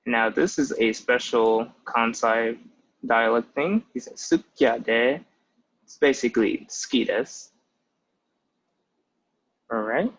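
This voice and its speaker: A man's voice: medium pitch, a little slow, long pauses, fairly bright tone, muffled recording. A young man in his twenties giving a patient, casual language lesson with many "like" fillers. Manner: patient, explanatory, with frequent "like" fillers. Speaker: language teacher.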